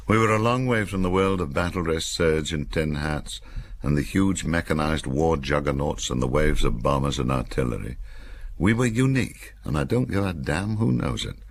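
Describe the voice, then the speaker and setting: An older man from Cumbria reads his own memoir aloud, wry and dry-humoured. His voice is extremely deep and gravelly, with a husky grain, yet it moves lively through the lines. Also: moderate pace. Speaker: author reading his memoir. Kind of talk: audiobook memoir narration.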